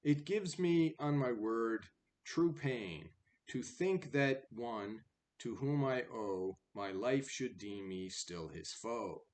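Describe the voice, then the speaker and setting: A man voicing a flattering cat that sweet-talks and pleads to be let free. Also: medium pitch, slow, voice pushed up. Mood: fawning. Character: fawning, flattering cat begging a rat.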